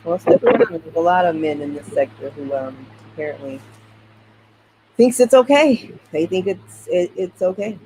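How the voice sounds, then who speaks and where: A man's voice: sits high, normal speed, a little mellow, slight background noise, low-quality recording. A man co-hosting a live stream, speaking earnestly and thinking aloud. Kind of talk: casual live-stream chat.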